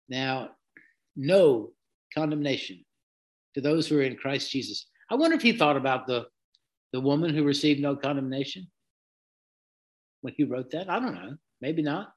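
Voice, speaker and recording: An earnest man talks through a devotional teaching on his podcast. He takes his time, unhurried and reflective, with folksy asides. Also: a little high. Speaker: Christian podcast host.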